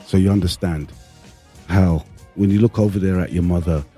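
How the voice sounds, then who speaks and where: A man voicing a solemn father who lectures his two sons in slow, grave, drawn-out speech. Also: deep voice, steady tone, warm tone, husky, faint music behind, pitched below the performer's own voice.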